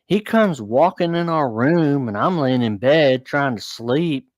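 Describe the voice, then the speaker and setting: A man's voice: medium pitch, animated, measured pace, no room sound, studio quality. A man hosting a casual chat, telling a long personal story in a rambling, blunt way with fillers and swearing.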